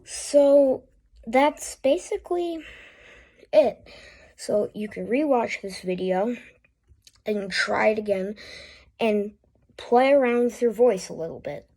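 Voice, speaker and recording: Woman doing a chill voice tutorial, kinda slow, creaky, stops and starts a lot. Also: a little high, lively intonation, mellow. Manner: halting, with fillers and restarts. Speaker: YouTube voice tutorial host. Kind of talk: casual spoken tutorial.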